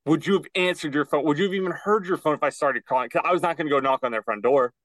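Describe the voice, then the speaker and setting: Young man, podcast co-host, fairly high voice, dry closet sound, animated storytelling. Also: very fast, no room sound. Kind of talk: casual storytelling chat. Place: closet at home.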